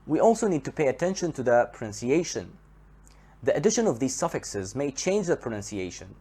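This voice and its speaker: A man teaching English grammar, spelling out letters and repeating each example word slowly to show where the stress falls. His first language is Arabic. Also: mid-range voice, darkish tone, slightly rough. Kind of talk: slow, careful grammar lesson.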